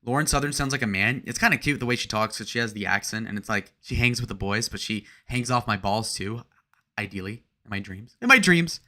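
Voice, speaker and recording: A man's voice: lowish voice, steady tone, a little fast, sharp tone. A young man hosting a livestream, rambling crudely and joking as he reads out and answers chat messages. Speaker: livestream host.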